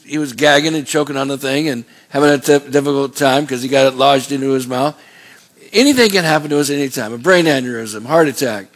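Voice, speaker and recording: A middle-aged man preaching from the pulpit, his voice sitting a little high for a man. He reads scripture slowly and deliberately, then drifts into folksy, rambling asides. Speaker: pastor. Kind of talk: sermon.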